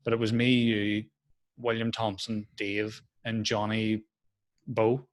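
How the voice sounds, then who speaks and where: A man's voice: lowish voice, flat delivery, slow. A young adult man, a comedian in casual podcast chat over a video call, telling stories with lots of swearing and acted-out quotes.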